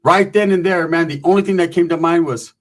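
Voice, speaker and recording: A man's voice: a little high, fairly even intonation, a little fast. A man casually telling a long, profane story, acting out the voices of the people in it. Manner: profane, rambling, acts out voices.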